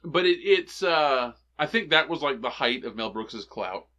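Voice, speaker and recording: A man's voice: mid-range voice, animated, unhurried, pushed and bright. A man co-hosting a movie podcast in casual chat, eagerly retelling scenes and laughing often. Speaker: podcast co-host.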